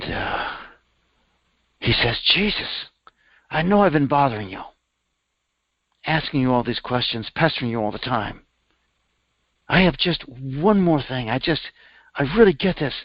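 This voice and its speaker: A man's voice: no echo, highs cut off. A man, a spiritual teacher, telling a parable in a sermon and lifting his voice for the characters' lines. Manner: animated storyteller, voicing characters with raised pitch. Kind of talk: storytelling sermon.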